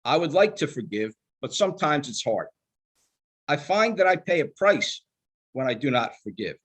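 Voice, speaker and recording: An older man giving a sermon in a measured, emphatic manner, slowing down to stress quoted scripture. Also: fairly high pitch, very animated, slightly rough. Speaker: rabbinical student giving a sermon.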